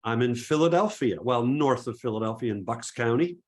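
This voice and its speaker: A middle-aged man from Massachusetts with no regional accent and a medium-pitched voice. He answers audience questions in an easygoing, chatty way. He often stops and restarts his sentences and leans on fillers. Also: animated, fairly quick. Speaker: photography presenter. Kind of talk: webinar Q&A.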